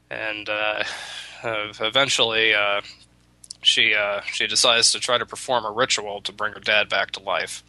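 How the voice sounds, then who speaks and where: A man's voice: fairly low pitch, level tone, a little slow, bright, forceful tone, no echo, poor audio. A man on talk radio telling a folk tale casually, rambling with many restarts. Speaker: radio show talker.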